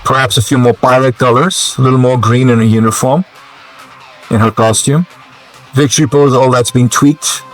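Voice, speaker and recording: A man narrating his gameplay in a casual, wandering way, pausing often with ums and uhs. His voice is mid-pitched, with faint game music underneath. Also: steady tone. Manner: hesitant, musing, many fillers. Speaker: gamer commentator.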